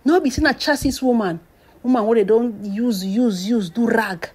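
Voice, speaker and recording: A woman's voice: a little high, moderate pace, a little mellow, slightly rough. A woman with a Nigerian Pidgin English accent telling celebrity gossip as a dramatic story, stretching out phrases, dropping into whispered asides and bursting into exclamations.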